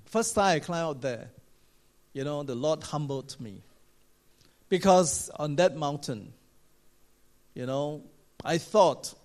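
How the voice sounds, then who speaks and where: A man preaching a sermon, telling a story with many "you know" fillers and swinging between loud exclamations and quiet asides. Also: a little high. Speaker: pastor.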